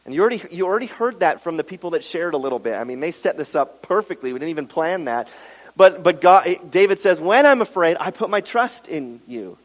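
A man preaching a sermon, telling a story with lively acted-out quotes and dropping to a hushed tone when reading scripture. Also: fairly high pitch, fairly quick. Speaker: pastor. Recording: dull sound with long reverb in a large room.

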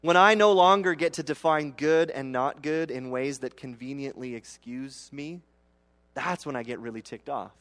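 A man's voice: mid-range voice, moderate pace, fairly bright tone. A man preaching a conversational sermon as a pastor, often checking in with the audience with rhetorical asides and acting out other people's complaints.

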